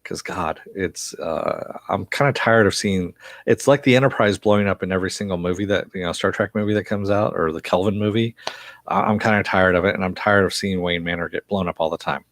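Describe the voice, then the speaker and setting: Low-voiced man recapping a TV episode. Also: no echo. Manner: rambling, filler-heavy retelling. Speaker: TV episode reviewer.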